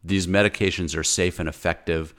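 A man's voice: low-pitched, steady tone, fairly quick, fairly bright tone. A man, a physician, delivering an angry, insistent rant as a talk-show guest, often repeating words as he presses his point.

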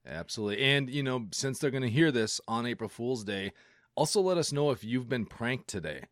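Laid-back laughing podcast co-host. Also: male voice, mid-range voice, animated, a little fast, no echo, clean studio sound. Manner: laughs often, easygoing. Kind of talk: casual chat.

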